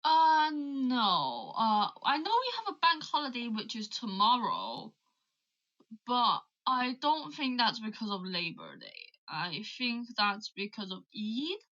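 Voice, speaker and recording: A young woman with a British English accent hosts a livestream chat. Her voice is bright and fairly high. She sounds lively and easygoing, and the audio is a little dull and lo-fi. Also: slow pace. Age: young adult. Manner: lively, plays with voices when giving accent examples. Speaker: livestream host chatting with callers. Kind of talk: casual chat, switching between English and Mandarin.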